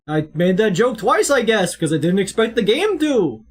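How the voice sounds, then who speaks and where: A streamer chatting casually while playing a game, animated and jokey, often slipping into silly voices. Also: medium pitch, moderate pace, few pauses, slight background noise. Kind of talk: casual game let's-play chat. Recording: game music underneath.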